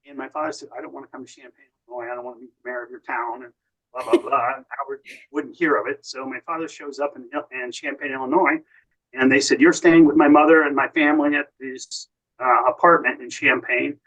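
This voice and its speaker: An American man tells long, winding stories as a podcast guest. His voice sits at a plain, middle pitch. He keeps slipping into quoted lines from other people as he goes. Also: fairly even intonation, fairly quick, a bit bright, poor audio. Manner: long anecdotal storytelling, quoting others. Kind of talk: casual storytelling.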